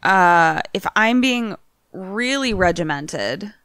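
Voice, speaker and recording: A woman's voice: medium pitch, expressive, fairly bright tone, clear, resonant tone, no echo, studio quality. A woman co-hosting a podcast, reacting with short interjections and giving her answers in casual chat. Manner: reactive listener, quick interjections. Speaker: podcast co-host.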